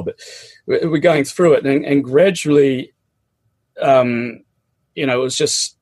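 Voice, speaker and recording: Middle-aged Kiwi man, husky, dry close sound, lively colloquial storyteller. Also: mid-range voice, no room sound. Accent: New Zealand. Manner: animated, laughs often, colloquial. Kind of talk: casual personal storytelling.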